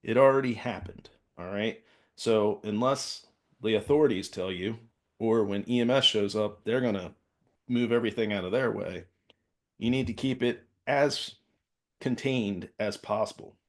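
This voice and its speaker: A man's voice: fairly low pitch, normal speed. Man teaching safety with constant check-ins. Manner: conversational, peppers points with "all right?" check-ins. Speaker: safety consultant. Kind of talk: workplace safety training talk.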